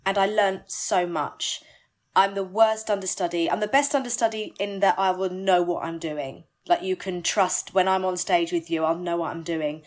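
A woman, a musical theatre actress, chatting candidly in an interview, animated and self-deprecating. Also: lowish voice. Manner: animated, self-deprecating, rushes words when excited.

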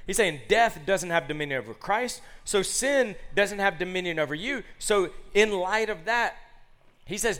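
A man in his thirties preaching a sermon, talking casually and acting out quotes with lively voices while telling family stories. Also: normal speed. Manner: animated, conversational, acts out quotes in high voices.

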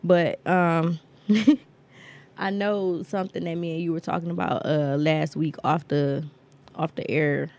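A woman's voice: low-pitched, steady tone, takes it slowly, a little mellow. A woman, co-hosting a podcast and telling a story bluntly and profanely, acting out the people she quotes. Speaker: podcast co-host. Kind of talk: casual storytelling chat.

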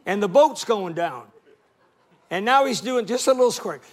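A middle-aged man preaches with a folksy, storytelling warmth and draws the congregation into call and response. His voice sits a little higher than most men's. He keeps the sermon conversational and direct. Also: moderate pace. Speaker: guest preacher.

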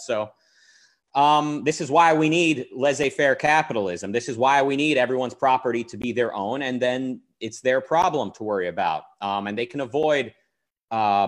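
A man co-hosting a casual philosophical discussion who talks in a discursive way, restarting sentences and qualifying what he says. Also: medium pitch. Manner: discursive, qualifies his statements, frequent restarts. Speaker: co-host.

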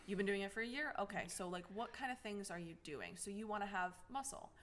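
A woman's voice: mid-range voice, quick pace, fairly bright tone, a little hiss or hum. A woman personal trainer co-hosting a podcast in casual chat, rambling with lots of fillers and restarts, and she has the hiccups.

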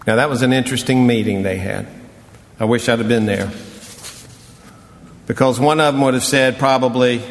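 A man's voice: medium pitch, normal speed, big-room sound. A man preaching a sermon as a pastor, in a conversational, wry storytelling manner. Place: church sanctuary.

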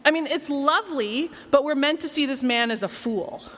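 A woman's voice: high-pitched, moderate pace, fairly bright tone, long reverb tail, slight background noise. A woman preaching a sermon in a conversational, wry, self-deprecating way. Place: church.

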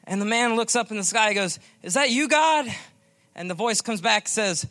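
A man giving a sermon as a guest preacher, folksy and joking, slowing down to stress his points. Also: high voice, fairly even intonation, pushed and bright.

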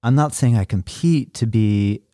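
A man's voice: mid-range voice, measured pace, mellow, no room sound, clean studio sound. A middle-aged man hosting a podcast, talking in an earnest, rambling way with a shifting pace. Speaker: podcast host. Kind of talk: casual interview chat.

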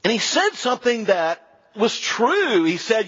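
A male pastor preaching a sermon in an animated, conversational way with frequent asides. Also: sits high, unhurried, husky, big-room sound, highs cut off.

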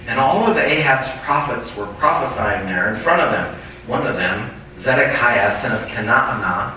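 A man's voice: medium pitch, lively intonation, moderate pace, pushed and bright, slight background noise. A male pastor preaching a sermon, reading scripture aloud and breaking off with asides to the congregation. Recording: distant mic in a very echoey hall.

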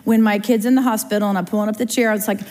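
This time she races along in a medium-pitched, darkish voice with fairly flat intonation, teaching a chatty Bible study and regularly engaging her listeners. The big room gives the audio a long, lingering reverb.

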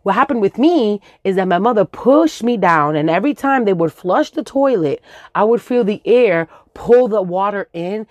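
A young woman telling a profane, animated comic story about her childhood. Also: mid-range voice, moderate pace, no room sound. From Brooklyn, New York. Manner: animated, profane, acts out voices in shrieks.

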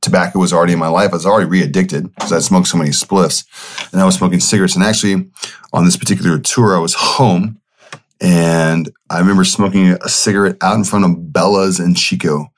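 A man's voice: low voice, fairly even intonation, brisk. A young man hosting a podcast, telling a personal story in a loose, rambling way with many fillers and self-corrections. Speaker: podcast host. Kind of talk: casual storytelling monologue.

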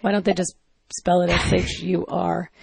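A woman's voice: on the low side, little pitch movement, normal speed, gravelly, husky, no room sound. A woman hosting a radio show, reading out listener questions in a friendly way.

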